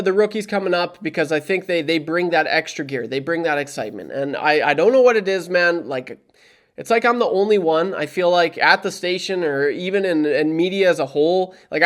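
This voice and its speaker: A man's voice: sits high, clear, resonant tone. A young man from Canada, a hockey vlogger and radio producer, ranting casually to camera with frustration and lots of repetition. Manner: animated, repeats himself, frustrated. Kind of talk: casual heated rant to camera.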